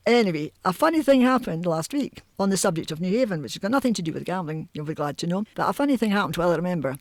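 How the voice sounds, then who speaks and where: A woman's voice: lowish voice, dry recording. Chatty older Scottish woman reminiscing. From Newhaven, Edinburgh, Scotland. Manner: chatty, animated, laughs often. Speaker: oral history interviewee. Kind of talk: reminiscing storytelling.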